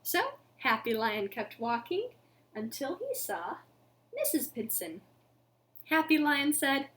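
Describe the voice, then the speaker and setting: Librarian reading a picture book to kids from home; high, slow and very expressive, building suspense. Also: female voice. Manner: expressive, dramatic, drawn-out storytelling with pauses for suspense. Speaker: children's librarian reading a storytime. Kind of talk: children's picture-book read-aloud.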